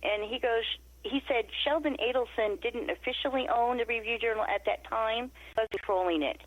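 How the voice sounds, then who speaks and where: Animated woman recounting a story, lo-fi audio. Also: fairly high pitch, normal speed, dry recording. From Nevada. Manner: animated, acts out quoted dialogue. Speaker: interview guest. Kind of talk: storytelling in a podcast interview. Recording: muffled lo-fi remote audio.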